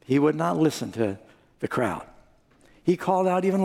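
A man's voice: a little high, sing-song, normal speed, vocal fry, a little mellow. A man preaching a sermon, telling stories with dramatic voices for the people in them and asking the congregation for amens. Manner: dramatic storytelling, acts out quoted voices, asks the crowd for amens. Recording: long hall reverb.

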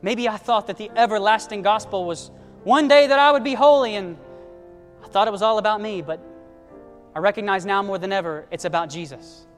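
A man preaching a sermon through a story, dropping soft and low for quoted characters and rising loud and high for emphasis. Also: a little fast, soft background music. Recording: reverberant hall.

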